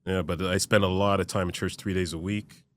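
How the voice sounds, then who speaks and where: Low-voiced man in his fifties, measured. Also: steady tone, slight background noise. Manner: measured, reflective, trails off softly at phrase ends. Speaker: podcast guest. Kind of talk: casual conversation.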